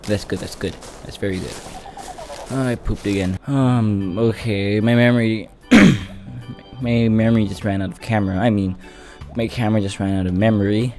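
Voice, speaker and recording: Goofy, low-voiced young gaming man. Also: steady tone, normal speed, warm tone, faint music behind. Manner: rambling, goofy, swears a lot, sing-song exclamations. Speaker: gaming YouTuber. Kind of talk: casual gameplay commentary.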